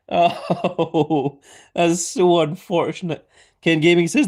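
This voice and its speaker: A man with a fairly high voice hosts a live stream, calling a giveaway elimination with playful wrestling-announcer flair. He reads chat messages aloud and laughs often. He speaks into a desk microphone. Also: a little slow. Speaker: livestream host.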